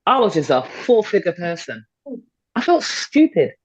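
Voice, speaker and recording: This very animated, lowish female voice moves at a moderate pace. She's a middle-aged fitness and confidence coach guesting on a podcast, speaking motivationally and conversationally, persuading with emphasis and repetition. Sound quality is dull and slightly lo-fi.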